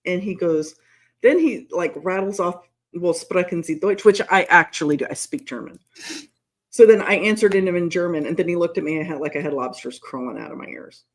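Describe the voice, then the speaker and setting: A woman's voice: on the low side, a little fast. A woman in her forties hosting a casual podcast chat, telling stories bluntly, with plenty of profanity and laughter. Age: 40s. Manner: blunt, profane, animated storyteller who laughs often. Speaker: podcast host.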